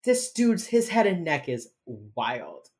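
A woman co-hosting a podcast, casually recapping a TV episode with animated storytelling and playful reactions. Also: sits low, slow. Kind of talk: casual chat.

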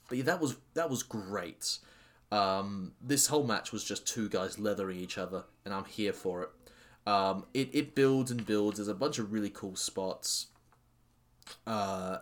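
Man, casual fan recap, excitable and rambling, frequent ums and restarts, mid-pitched. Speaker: wrestling fan commentator.

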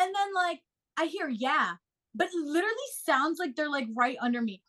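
A young woman with a high voice tells a story to her co-hosts in loose casual chat. She is animated and swears freely, jumping into voices for every quote. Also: brisk.

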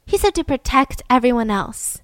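A woman's voice: a little high, big pitch swings, normal speed, fairly bright tone, dry recording. A woman hosting a podcast, telling a true-crime story in a casual, emphatic way with lots of "like". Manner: chatty, emphatic, full of "like". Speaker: podcast host.

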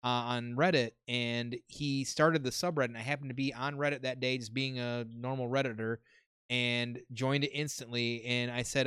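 Chatty man with a smooth voice. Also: mid-range voice, fairly even intonation, normal speed, fairly bright tone, dry recording, clean studio sound. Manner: chatty storyteller, laughs often. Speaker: podcast co-host. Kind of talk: casual chat.

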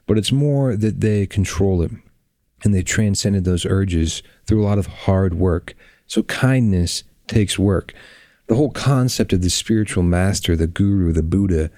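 A man hosting a reflective podcast, talking bluntly and earnestly with drawn-out pauses, on a close microphone. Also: deep voice, mellow, dry recording. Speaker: podcast host.

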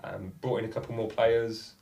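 A man on a football podcast, swearing freely and telling a lively story in casual chat. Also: on the low side, normal speed, distant mic. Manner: swears a lot, animated anecdotes. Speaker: podcast co-host.

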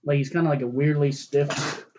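A man's voice: a little high, fairly even intonation, moderate pace, a little mellow, lo-fi sound, a little hiss or hum. A man co-hosting a casual fight talk podcast, rambling and swearing as he restarts his sentences. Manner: rambling, profane, restarts often. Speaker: podcast co-host. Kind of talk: casual chat about fights.

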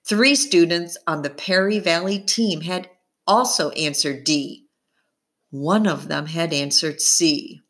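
A woman reading a first-person audiobook aloud, with expressive narration that follows the story's tension. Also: fairly low pitch, slow pace.

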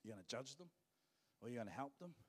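A man's voice: medium pitch, big pitch swings, fast, husky. A man with a New Zealand accent, a pastor preaching a sermon in a casual, emphatic way, repeating his phrases for stress. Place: church auditorium. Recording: long church hall reverb.

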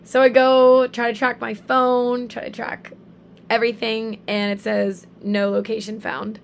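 A young woman tells a personal story in a relaxed, chatty way, full of fillers and quick asides. Her voice has a gravelly, creaky edge, and faint noise sits under the recording. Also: fairly high pitch. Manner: animated storytelling with many fillers. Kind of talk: casual faith chat.

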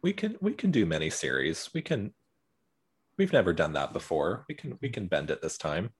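Deep-voiced man chatting with laughs. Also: sing-song, slightly rough. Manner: laughs often, quick bursts of speech. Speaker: podcast co-host. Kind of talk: casual chat.

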